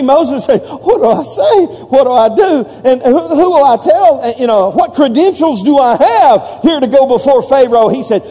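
A pastor with a very high voice and dark tone preaches a sermon, leading his congregation in call-and-response and building to emphatic peaks. The recording has a long hall reverb.

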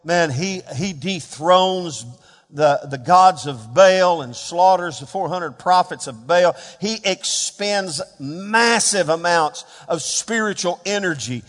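A man preaching a sermon as a pastor, swinging between hushed, quiet passages and louder emphatic ones. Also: high voice, lively intonation, takes it slowly, long reverb tail. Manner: dynamic preaching, dropping to hushed tones and rising for emphasis.

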